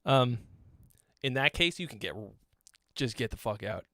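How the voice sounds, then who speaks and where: A man's voice: mid-range voice, animated, a little slow, a bit bright, no room sound, clean studio sound. A man hosting a live stream song critique, joking, teasing and swearing as he gives feedback. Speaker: host, songwriting critic.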